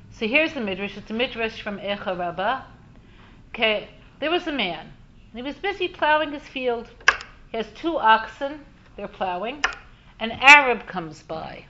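A woman teaching a Torah lesson as an animated storyteller who pauses for frequent asides. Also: on the high side, highs cut off.

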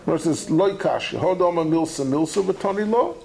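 A man's voice: on the high side, moderate pace, vocal fry, low-quality recording. A man giving a Talmud study lecture, talking animatedly and conversationally as the teacher. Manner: animated, conversational, acts out the texts he quotes.

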